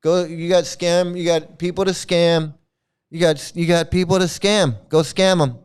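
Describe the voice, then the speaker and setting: A man's voice: on the high side, steady tone, a little slow, darkish tone, clear, resonant tone. A man hosting his own commentary channel, ranting and mocking with lots of repetition and swearing.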